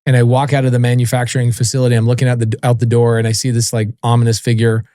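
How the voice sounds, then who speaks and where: A man's voice: medium pitch, monotone, racing, mellow, no room sound, studio quality. A man in his forties, a podcast guest telling stories casually and animatedly, acting out the voices of people he quotes and swearing offhandedly. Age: 40s. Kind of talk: casual storytelling interview.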